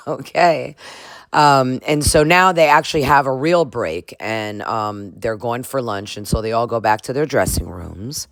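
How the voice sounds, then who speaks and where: A woman's voice: rumbling low, unhurried, no echo. A woman giving a casual, sassy reality-TV recap, laughing often and swearing freely. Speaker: recap vlogger.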